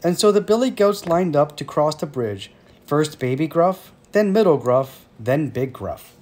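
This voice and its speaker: A man reading a fairy tale aloud to children, with lively, expressive delivery. His voice sits a little high. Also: a little slow. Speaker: storyteller.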